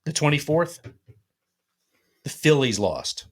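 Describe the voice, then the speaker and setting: A man's voice: a little high, big pitch swings, takes it slowly. A man telling a long, profanity-laced anecdote in casual chat, acting out what people said. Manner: profane, rambling anecdote with acted-out quotes. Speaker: host.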